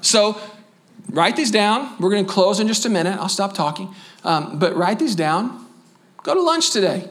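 High-voiced, fired-up male pastor preaching. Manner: energetic, animated preaching with quick asides and humor; drops to a soft, slow voice for closing prayer. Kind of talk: sermon. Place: church sanctuary.

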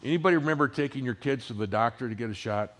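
A pastor in his sixties delivers a sermon very fast at medium pitch, telling it like a conversational story. His voice sinks into hushed tones and then rises again.

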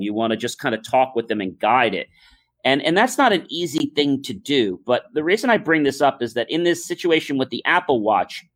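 A man hosting a talk show, speaking earnestly and calmly, with many uh and um fillers as he tells stories. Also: medium pitch. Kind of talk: casual podcast talk.

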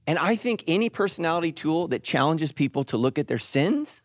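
A middle-aged man preaching a sermon, animated and joking, acting out quoted voices. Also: a little high, a little fast, no room sound, clean studio sound. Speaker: pastor.

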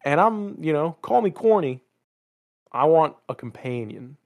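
A man's voice: a little high, measured pace. A man co-hosting a casual gaming podcast, telling stories with lots of swearing and voiced quotes. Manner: profane, animated storytelling with voiced quotes. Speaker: podcast co-host.

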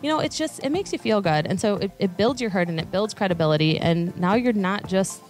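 A woman speaking at a conference, chatting with the audience and telling stories with lively quoted voices. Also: medium pitch, brisk, soft background music. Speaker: conference speaker on law firm marketing. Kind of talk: conference talk with audience questions. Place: conference room.

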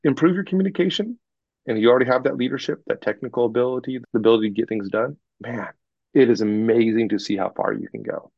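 A man working as a communication coach, telling animated stories about clients and acting out what they said in an interview. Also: medium pitch, fast, creaky, slightly rough, no room sound, dull audio. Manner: animated anecdotes, acts out clients in quoted voices. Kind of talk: podcast interview, storytelling.

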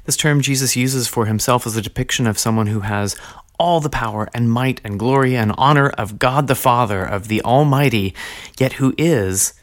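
A man hosting a teaching podcast, speaking in a measured, earnest way and slowing down to stress key phrases. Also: medium pitch. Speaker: podcast host teaching on early Christianity.

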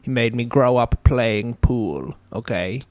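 A man's voice: mid-range voice, takes it slowly, a little mellow, no echo, natural voice. A man playing a brash German pool hustler on the run, talking in a German accent and tagging his sentences with "right?". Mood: breezy. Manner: chatty, tags every sentence with "right?". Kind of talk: improvised comedy character.

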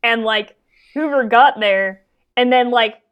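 A woman's voice: fairly high pitch, takes it slowly, smooth. A woman co-hosting a podcast, telling an anecdote in a chatty way full of "like". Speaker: podcast co-host. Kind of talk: casual chat.

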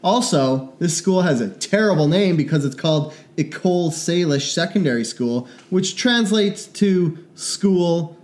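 A man with a fairly high voice co-hosts a podcast in loose, comedic chat. He jokes around and rambles from one thought to the next. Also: lively intonation, measured pace, hardly any pauses, a little mellow. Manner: joking, rambling, puts on bad British accents. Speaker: podcast co-host.

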